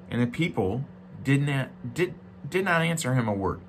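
A male pastor preaching a sermon, reading scripture aloud with joking asides, going from loud, emphatic lines to quiet, low-voiced reflection. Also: animated, a little fast, a little hiss or hum. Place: church.

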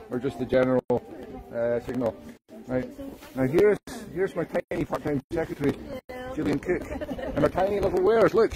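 Del Boy, put on by a man, high-voiced market trader. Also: noisy background, close to an everyday voice. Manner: chatty, salesman patter, jokey asides. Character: cheeky cockney market trader, grown man, wheeler-dealer. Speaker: guest host. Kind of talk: live-streamed comic character sketch. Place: outdoor yard sale in a garden. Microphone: phone. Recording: distorted phone audio, crowd outdoors.

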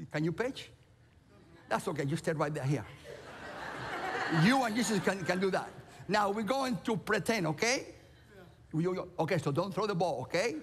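Animated high-voiced Cuban-born preacher. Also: male voice, long reverb tail, noisy background. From Cuba. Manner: playful, animated, calls out to the crowd. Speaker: pastor. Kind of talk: sermon with audience participation. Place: large church auditorium.

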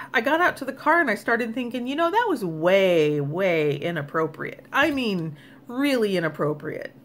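A middle-aged woman talks straight to her viewers in a casual vlog, frank and openly exasperated. Her voice sits at an ordinary middle pitch. A faint steady noise runs underneath. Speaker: vlogger. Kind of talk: casual personal vlog talk.

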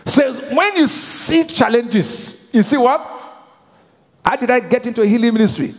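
A male pastor with a high voice preaches to his congregation. He leaves questions hanging for the crowd to answer. His voice rings out through the long reverb of a large church hall. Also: expressive, moderate pace. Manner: call-and-response preaching, asks the congregation to finish his sentences. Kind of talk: sermon.

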